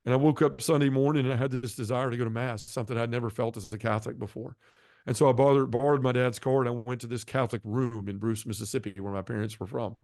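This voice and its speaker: A man's voice: medium pitch, steady tone, fast talker, darkish tone, dry recording, studio quality. A middle-aged man sharing his personal testimony as an interview guest, telling his story in an earnest, heartfelt way.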